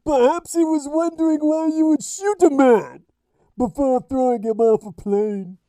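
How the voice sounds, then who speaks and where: A man putting on the voice of a menacing masked male villain, speaking slowly and theatrically. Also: extremely high pitch, steady tone, warm tone, no echo, voice pushed up, rough recording. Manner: slow, drawn-out delivery.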